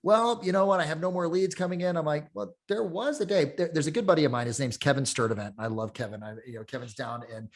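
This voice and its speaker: A middle-aged real estate coach chats on a casual podcast, energetic and blunt, swearing and acting out quotes as he tells stories. His voice sits on the high side, and he talks at a quick pace with few pauses.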